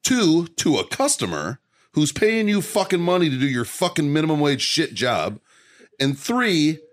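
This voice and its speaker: A man's voice: fairly high pitch, sing-song, normal speed. A swearing man ranting through a story. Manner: profane, heated, laughs while telling. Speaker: podcast co-host. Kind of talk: casual chat, ranting storytelling.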